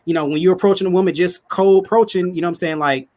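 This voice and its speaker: A man's voice: high voice, steady tone, racing, a little mellow. Laid-back, slangy man on a podcast. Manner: laid-back, slangy, many "you know what I'm saying" fillers. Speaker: podcast panelist. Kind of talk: casual podcast chat.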